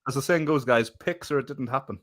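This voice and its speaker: A man co-hosting a casual podcast who jokes playfully and laughs a lot. His voice is bright and forceful and sits at a middling pitch. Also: quick pace. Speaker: podcast co-host.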